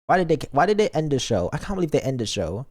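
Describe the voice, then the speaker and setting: A man's voice: a little high, big pitch swings, fast talker, darkish tone. A man streaming a game as a VTuber, chatting casually with his viewers in a playful, goofy, mock-defensive way.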